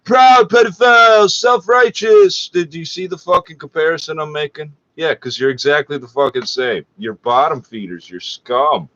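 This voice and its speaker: A man's voice: mid-range voice, normal speed, hardly any pauses, pushed and bright, no echo. A man from Canada, hosting a podcast, rants angrily and sarcastically at a local radio broadcast, swearing constantly and mocking what he hears. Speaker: podcast host reacting to radio. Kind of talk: angry profane rant. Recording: dull lo-fi recording.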